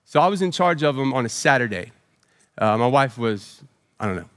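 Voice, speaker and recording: A man in his forties, a pastor preaching a storytelling sermon with self-deprecating humor and animated voices for quotes. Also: medium pitch, a little fast, clean tone, long reverb tail. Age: 40s.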